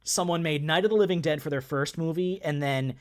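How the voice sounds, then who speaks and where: A man's voice: a little high, brisk. A man co-hosting a casual movie podcast, chatty and often laughing at his own jokes. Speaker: podcast co-host.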